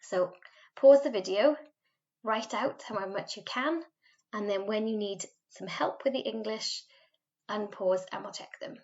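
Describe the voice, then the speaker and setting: A woman with a Welsh accent teaching a recorded Spanish lesson, patiently modelling words slowly for students to repeat. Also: medium pitch, a little mellow, highs cut off. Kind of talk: recorded remote language lesson.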